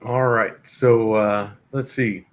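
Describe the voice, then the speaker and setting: A man's voice: fairly low pitch, steady tone, takes it slowly. Easygoing man hosting a casual chat. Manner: easygoing, hesitant with many fillers. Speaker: host.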